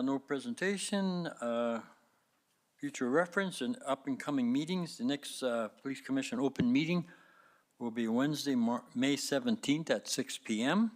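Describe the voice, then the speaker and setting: An older man, a grandfather, chairing a public meeting in a plainspoken, procedural way. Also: medium pitch.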